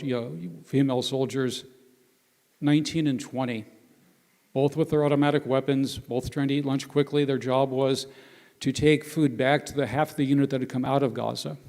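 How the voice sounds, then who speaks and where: A man, telling anecdotes from a volunteer mission to a congregation and acting out the quotes. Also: medium pitch. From United States. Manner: warm anecdotal storytelling with acted quotes. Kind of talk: storytelling to a congregation. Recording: hall reverb.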